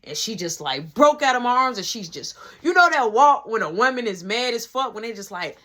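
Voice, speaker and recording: A young man telling a casual story, animated and swearing freely as he acts out what everyone said. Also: very high voice, a little fast. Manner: animated, swearing, quoting others.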